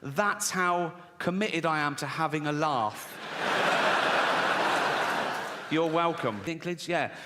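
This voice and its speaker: A man's voice: fairly high pitch, slow, long pauses. A British man doing stand-up comedy, brash and profane, often chuckling at his own jokes. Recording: long hall reverb, faint noise.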